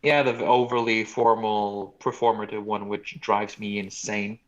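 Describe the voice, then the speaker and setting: A man's voice: fairly low pitch, little pitch movement, unhurried, highs cut off. A man from Norway with a Norwegian accent, chatting casually on a podcast, blunt and swearing freely. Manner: profane, blunt, joking. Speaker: podcast co-host. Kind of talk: casual chat.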